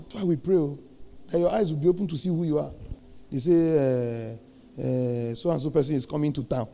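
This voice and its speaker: A man preaching a sermon, animated, throwing rhetorical questions at the congregation and swinging between loud and soft. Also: a little high, quick pace.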